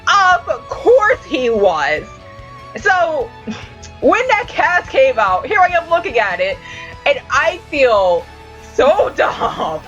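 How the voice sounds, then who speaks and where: A woman's voice: high-pitched, slow, muffled recording, faint music behind. A woman hosting a casual anime review podcast, telling stories with a lot of swearing and laughter. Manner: animated storytelling, frequent swearing and laughter.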